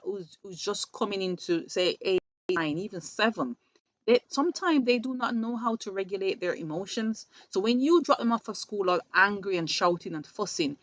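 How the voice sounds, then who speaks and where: A woman's voice: mid-range voice, fairly bright tone, no echo. A woman who works with schoolchildren gives earnest parenting advice, often repeating words as she restarts a thought. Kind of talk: advice talk. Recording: dull lo-fi dry recording.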